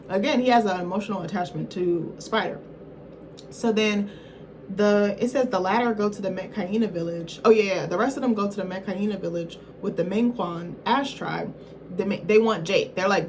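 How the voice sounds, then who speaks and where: A woman's voice: mid-range voice, darkish tone, a little hiss or hum, low-quality recording. A woman vlogger giving a casual, rambling film review, swearing freely and acting out characters in quotes. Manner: chatty, profane, acts out characters in quotes; rambling, self-correcting, apologetic asides.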